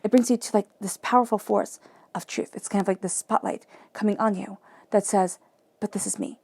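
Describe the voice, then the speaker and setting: A woman giving a tarot reading straight to her listener, earnest and encouraging, sometimes dropping to a soft murmur as she chants questions over the cards. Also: mid-range voice, fairly even intonation, a little fast, vocal fry, no echo. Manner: earnest, emphatic and encouraging, addressing the listener directly. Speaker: tarot reader.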